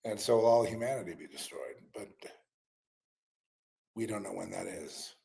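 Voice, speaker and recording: A man with a gravelly voice hosts a podcast in a loose, rambling way, full of fillers and restarts. He sounds sardonic and grumbling. He is tired and yawning as he talks. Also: on the low side, moderate pace, warm tone. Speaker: podcast host. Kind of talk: casual spoken commentary.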